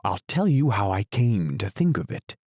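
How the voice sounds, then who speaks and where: A solemn, muddled knight forever musing over strange inventions, voiced by a man reading a storybook. He speaks gravely and thoughtfully in a low, gravelly voice, recorded close and dry. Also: sing-song, normal speed, a little mellow, dry recording. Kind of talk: audiobook character voice.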